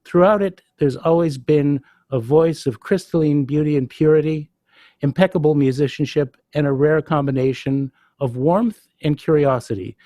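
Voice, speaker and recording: A man's voice: on the high side, normal speed, mellow, dry recording. Admiring male interview host, dry sound. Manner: effusive, admiring introductions. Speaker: podcast host.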